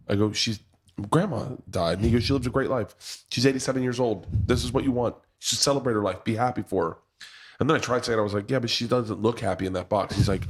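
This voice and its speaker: A middle-aged man hosting a podcast, telling rambling, laugh-filled stories with plenty of swearing. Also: medium pitch. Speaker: podcast host. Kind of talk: casual storytelling chat.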